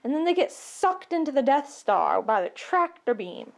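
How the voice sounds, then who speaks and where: A woman's voice: high-pitched, big pitch swings, normal speed, creaky. A woman telling a rambling, playful comedic movie recap full of sound effects. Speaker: video creator.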